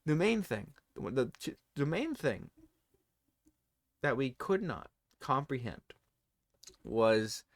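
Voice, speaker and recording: A man's voice: medium pitch, very animated, takes it slowly, pauses often, dry recording. A tired man hosting his own show, telling a rambling comic story and cutting himself off as he laughs along. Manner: rambling, self-interrupting, laughing through his stories. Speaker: host. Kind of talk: casual comedic storytelling monologue.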